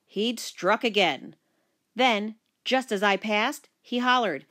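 A woman reading a children's book aloud, narrating in the first person with lively expression. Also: mid-range voice, slow. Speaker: storyteller.

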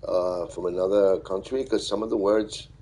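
A man live streaming, reading viewer comments aloud and thanking them in a halting, friendly way. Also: low voice, steady tone, mellow, breathy edge, rough recording. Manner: halting, with many fillers and restarts. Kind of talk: casual live-stream chat.

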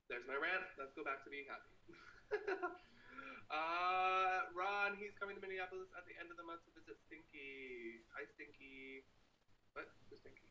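A young man chatting casually on a home live stream, playful and quick to laugh as he reads viewer comments. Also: mid-range voice, sharp tone, distant mic. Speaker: livestreamer. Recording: echoey room, away from the mic, faint hiss.

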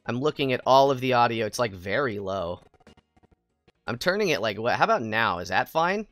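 A woman livestreaming a game, chatting with viewers in a bubbly, goofy way, jumping between squeals and quiet mutters. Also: rumbling low, lively intonation, moderate pace, no room sound. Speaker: VTuber game streamer. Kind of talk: casual livestream chat with viewers. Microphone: headset mic. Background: faint game music.

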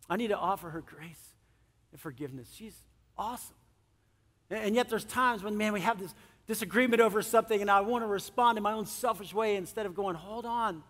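High-voiced male pastor in echoing church. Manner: animated preaching, swinging from loud to soft. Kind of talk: sermon. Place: church sanctuary. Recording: long church hall reverb.

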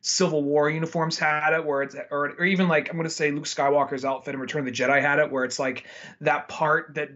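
A man's voice: on the high side, level tone, quick pace, pushed and bright, dull audio. A man co-hosting a casual movie podcast, rambling with lots of "like" and restarts. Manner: rambling, full of likes and restarts. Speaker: podcast co-host.

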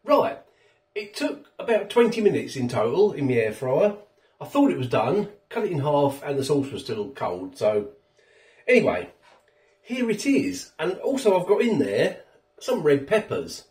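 A man's voice: on the high side, wildly swooping pitch, unhurried, darkish tone, recorded from a distance. Guy rambling on about his food, voice jumps up and down a lot, kitchen echo. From England. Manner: chatty and rambling, talks while eating. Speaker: food vlogger. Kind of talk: casual food review vlog. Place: home kitchen.

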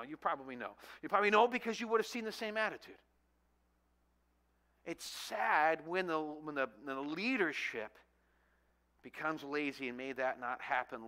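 A pastor in his forties preaching a sermon, telling self-mocking stories with animated humor. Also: on the high side.

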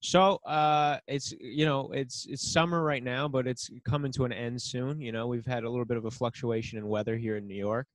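A man's voice: mid-range voice, fairly even intonation, a little fast, hardly any pauses, no echo. An easygoing, agreeable man co-hosting a podcast in casual chat. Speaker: podcast co-host. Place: New York.

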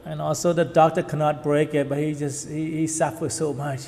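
A man delivers a sermon in short phrases, his voice a bit high for a man and full of feeling. He often halts and repeats himself. A long church-hall reverb trails each line. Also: flat delivery, creaky, a little mellow. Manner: emotional, halting, repeats words. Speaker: preacher. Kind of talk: sermon with live interpretation.

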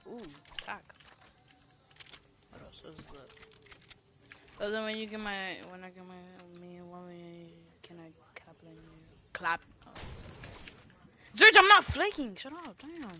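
A gamer chatting casually while streaming, breaking into loud yelps and laughter. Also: mid-range voice, lively intonation, a little slow, long pauses, background noise. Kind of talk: casual gaming chat.

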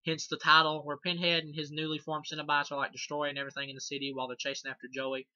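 A man with a somewhat high, bright, forceful voice talks fast and flat while reviewing a horror movie. His casual talk rambles and is profane, packed with fillers, restarts, and laughter at the film. The recording is dull, dry, and lo-fi.

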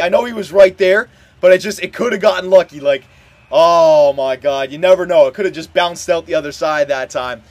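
A young man giving casual commentary while playing a hockey video game, muttering one moment and yelling in frustration the next. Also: on the high side, moderate pace, slight background noise. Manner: excitable, swings from muttering to loud outbursts. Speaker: gameplay commentator.

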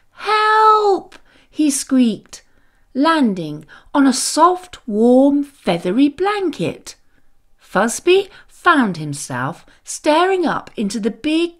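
A woman narrating a children's bedtime story, gentle, expressive and soothing. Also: a little high.

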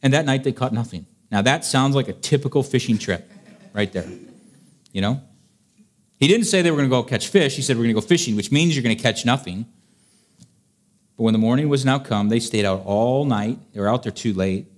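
A man's voice: medium pitch, moderate pace, pauses often. A man preaching a sermon in a chatty, playful way, reading old-fashioned scripture and acting out the scenes.

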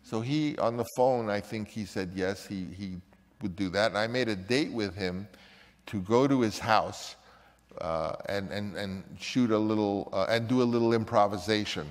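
An older man, a filmmaker, telling an animated story in an interview and acting out the people in it. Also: on the low side, normal speed. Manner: animated storyteller who acts out other people's voices. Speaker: filmmaker recalling a casting story. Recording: long reverb.

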